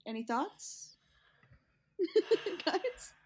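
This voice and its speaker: A woman's voice: very high-pitched, sing-song, very slow, darkish tone. A woman co-host chatting casually and telling a rambling, giggly story. She laughs often and keeps rolling from one idea to the next. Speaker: podcast co-host. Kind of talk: casual chat.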